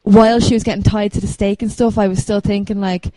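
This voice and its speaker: A woman's voice: medium pitch, level tone, fast talker, warm tone, no echo, low-quality recording. A woman, a podcast co-host, talking casually and earnestly. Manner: earnest, emotional retelling. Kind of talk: casual chat.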